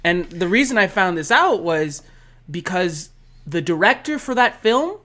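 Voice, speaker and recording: A man's voice: high-pitched, very animated, a little slow, pushed and bright. Chatty young male podcast guest. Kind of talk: casual podcast chat.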